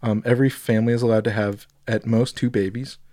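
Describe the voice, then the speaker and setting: Male podcast co-host, level mid voice, dry close sound, calm reader. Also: mid-range voice, fast talker, dry recording. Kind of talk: casual podcast chat, reading aloud.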